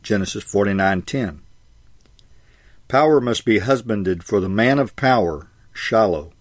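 A man reading a scripted sermon in a measured way, slowing for emphasis and saying each quotation and verse reference aloud. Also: fairly low pitch, lively intonation, dry recording, studio quality. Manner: measured, slows for emphasis, reads citations aloud. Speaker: preacher.

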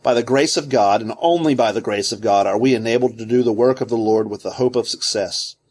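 Man reading theology with measured delivery. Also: mid-range voice, darkish tone. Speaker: reader of a theology book. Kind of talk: scripted narration.

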